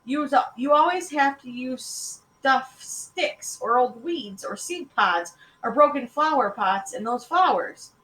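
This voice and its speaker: A stern, exasperated father shouting for quiet at the dinner table, read out by a woman. The voice swings up and down with lively pitch, and the room around it rings with echo. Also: takes it slowly, full character voice. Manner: loud and stern.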